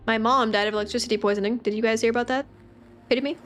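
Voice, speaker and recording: A woman's voice: a little high, steady tone, quick pace, fairly bright tone, faint music behind. A woman streamer giving playful, joking commentary while playing a game. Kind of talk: let's play commentary.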